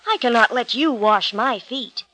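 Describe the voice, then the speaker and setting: Lady reading an eager disciple guy, high pleading voice, storybook read. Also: animated, takes it slowly, pushed and bright, no echo, full character voice, rough recording. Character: earnest impulsive male disciple, adult.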